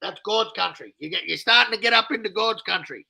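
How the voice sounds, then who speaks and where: Aussie guy chatting easy, high and gravelly, says bro a lot. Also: brisk, bright, forceful tone, poor audio. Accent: Australian. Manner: laid-back, says "bro" often. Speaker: panel guest. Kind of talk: casual chat.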